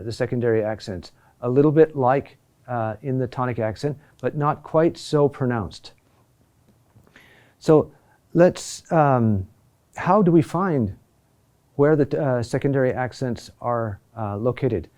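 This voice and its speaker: Man, middle-aged, teacher, slow halting lesson delivery, mellow tone, plenty of ums and restarts. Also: medium pitch. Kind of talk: recorded lesson on Latin chant accentuation.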